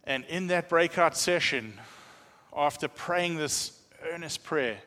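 Bright-voiced preacher. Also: male voice, on the high side, takes it slowly, big-room sound. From South Africa. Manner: animated storytelling, self-deprecating humor. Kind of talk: sermon testimony.

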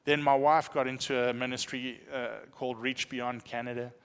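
A man telling a humorous, animated testimony as a pastor in a church. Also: mid-range voice, normal speed, clear, resonant tone, long reverb tail. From South Africa. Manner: animated storytelling, self-deprecating humor. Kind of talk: sermon testimony.

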